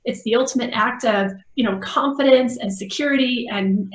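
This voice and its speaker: A woman's voice: on the high side, normal speed, echoey room, rough recording. A woman veteran on a panel, speaking enthusiastically and emphatically. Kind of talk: casual panel talk.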